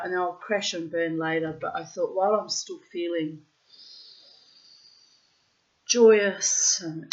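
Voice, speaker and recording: Animated low-voiced woman, lo-fi recording. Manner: animated, laughs often, theatrical asides. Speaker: vlogger. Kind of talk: casual storytelling monologue. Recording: dull lo-fi sound.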